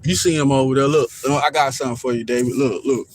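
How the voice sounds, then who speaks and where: A man's voice: mid-range voice, fairly even intonation, rapid-fire, slight background noise. A man live-streaming casual commentary while driving downtown, rambling and repeating himself as he points things out to viewers. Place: inside a car driving downtown. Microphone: phone camera.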